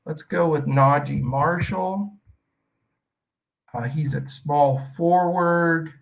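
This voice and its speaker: A man's voice: fairly high pitch, takes it slowly, creaky, distant mic, poor audio. A man hosting a live stream, talking in a rambling, chatty way with many fillers. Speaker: host.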